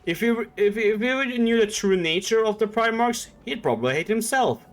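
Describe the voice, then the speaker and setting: A male streamer recounts a story in loose, irreverent chat. He stumbles, restarts and curses freely. His pitch swings widely from phrase to phrase. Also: expressive, moderate pace. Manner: rambling, irreverent, laughs, swears. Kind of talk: casual lore retelling.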